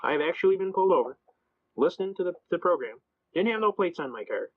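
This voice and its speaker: A man giving a folksy storytelling lecture, talking rapidly in colloquial speech with double negatives. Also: high voice, animated. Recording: dull lo-fi audio.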